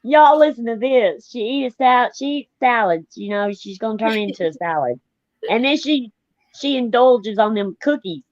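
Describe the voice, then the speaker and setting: A woman's voice: a little high, animated, normal speed, dry recording. A woman from Oklahoma, chats and teases her co-host on a live stream. Her sound is dry and close, with no room around it. The audio is a little dull and lo-fi. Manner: teasing, laughs often. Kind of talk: casual live-stream chat.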